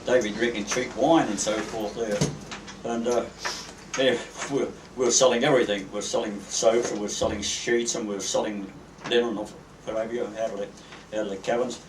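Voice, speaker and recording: A man's voice: lowish voice, fairly even intonation, background noise. Rambling old Australian seaman, distant mic. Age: older. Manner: rambling, halting, many fillers and restarts. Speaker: retired merchant seaman. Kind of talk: reminiscing storytelling. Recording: roomy, distant mic, faint ambience.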